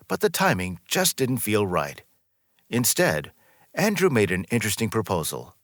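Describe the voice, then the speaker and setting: Lively low-voiced male narrator, dry. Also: no echo. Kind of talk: scripted story narration.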